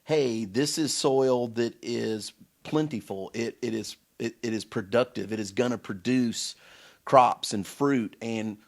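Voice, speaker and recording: A man's voice: medium pitch, a little slow. A man co-hosting a casual Bible study podcast, explaining scripture earnestly and often checking in with his listener. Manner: earnest and explanatory, checks in with "you know what I'm saying". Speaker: podcast co-host.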